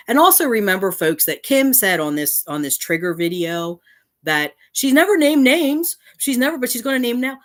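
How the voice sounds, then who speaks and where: A woman's voice: fairly high pitch, sing-song, moderate pace. A woman hosting her own channel, indignantly ranting in response to critics, reading out comments and swearing. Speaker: channel host. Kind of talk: angry response rant.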